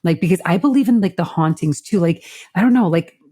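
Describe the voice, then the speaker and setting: A woman's voice: fairly low pitch, expressive, a little fast, mellow, husky, no room sound, studio quality. A middle-aged woman co-hosting a podcast in casual chat, frank and chatty, swearing now and then. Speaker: podcast co-host.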